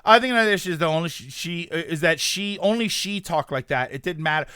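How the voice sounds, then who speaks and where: A man in his thirties talking casually on a stream, rambling and animated, reacting to chat. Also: on the high side, fast, clean tone, no room sound, studio quality.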